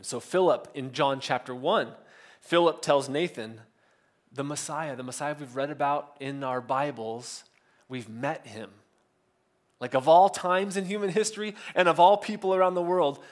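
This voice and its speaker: A male pastor, giving a casual, conversational sermon and briefly acting out quotes. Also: fairly high pitch. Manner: conversational, self-correcting, acts out biblical quotes.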